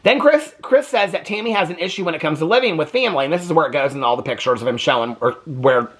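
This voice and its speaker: A man giving a sassy, animated casual recap of a reality TV episode, often tagging lines with "okay?". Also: a little high, fast talker, husky. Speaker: TV reaction vlogger.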